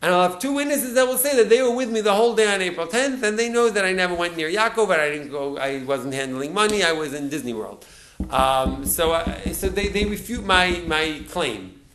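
A man's voice: sits high, a bit bright. A man teaching a Talmud lesson in a slightly raised voice. He lays out the argument step by step, asks his listeners rhetorical questions, and often stops and restarts his words. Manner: explains step by step with rhetorical questions, repeats terms.

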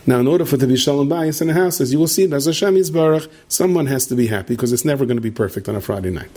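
A man's voice: medium pitch, animated, rapid-fire, mellow. A man giving a rambling sermon to an audience, peppering it with "right?". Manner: meandering, asks "right?" often, many restarts. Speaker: rabbi giving a talk.

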